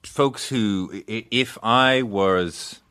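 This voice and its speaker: A man hosting an interview, relaxed and asking short questions. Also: on the low side, drawn-out words, clean tone, dry recording, studio quality. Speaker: host. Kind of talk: interview conversation.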